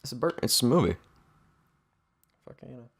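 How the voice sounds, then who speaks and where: A man's voice: medium pitch, very animated, brisk, creaky, dry recording. A young man reviewing a movie in a sarcastic, exasperated rant, swearing often. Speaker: video reviewer.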